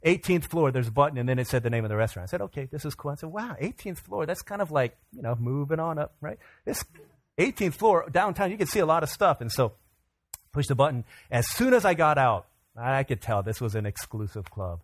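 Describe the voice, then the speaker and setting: A man preaching as a pastor, telling a lively personal story during a sermon and acting out the lines of the people in it. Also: medium pitch, brisk. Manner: animated storyteller, acts out other people's lines. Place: church sanctuary.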